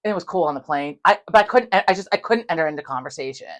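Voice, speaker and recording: Swearing storyteller woman, lower voice. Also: fast. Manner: profane, animated, acts out dialogue. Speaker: podcast co-host. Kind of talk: casual chat, storytelling.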